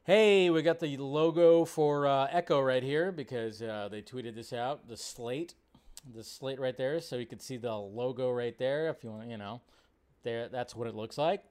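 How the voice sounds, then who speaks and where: A man hosting a live stream in casual commentary, animated, swearing freely and mocking others in exaggerated voices. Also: mid-range voice, moderate pace, smooth. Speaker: show host.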